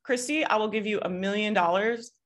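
Over a video call, a woman with a Southern US accent and a medium-pitched voice coaches a group a little fast. As a business coach she talks casually, laughs often, drops the occasional swear word, and quotes others in put-on voices.

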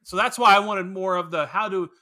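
A man's voice: high voice, brisk, pushed and bright. A man co-hosting a podcast in casual film-review chat, rambling, opinionated and profane. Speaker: podcast co-host.

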